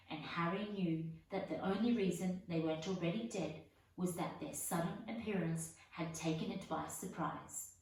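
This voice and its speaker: A woman reading a children's storybook aloud in a measured, unhurried way. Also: fairly low pitch, darkish tone. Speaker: audiobook reader. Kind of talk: storybook narration. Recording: echoey room, voice from far off.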